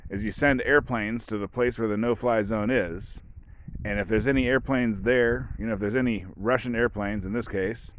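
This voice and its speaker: A man's voice: on the low side, no echo. A man hosting a podcast monologue, rambling and sardonic, trailing off into fillers. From United States. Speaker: podcast host. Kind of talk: casual monologue.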